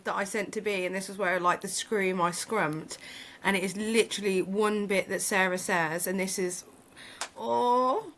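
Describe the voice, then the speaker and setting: A woman co-hosting a podcast, chatting casually about a book, excitable and swearing freely. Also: mid-range voice. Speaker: podcast co-host.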